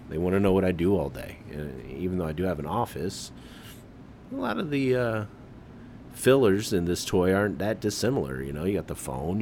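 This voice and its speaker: A very deep-voiced Midwestern man hosts a podcast alone, offering casual commentary. He's relaxed yet keeps getting worked up, tossing in "man" and some light cursing, with a faint hiss running beneath the audio.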